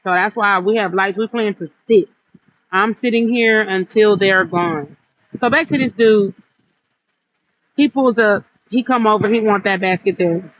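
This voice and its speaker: A woman with a medium-pitched voice talks at an unhurried pace on a lo-fi livestream from her outdoor stall in the cold, where she sells gift baskets. She's chatty as she retells a customer run-in, playing out the argument's back-and-forth in quotes.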